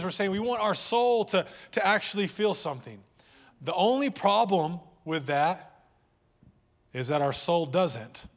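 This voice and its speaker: A male pastor with a high-pitched voice preaches a sermon in a church hall, a long reverb tail trailing his words. He talks casually, repeating words and joking with his listeners.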